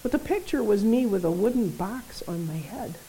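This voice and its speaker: A woman preaching a sermon in a conversational, animated way, often checking in with her listeners. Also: medium pitch, moderate pace, a little hiss or hum, poor audio. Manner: conversational, animated, tag questions.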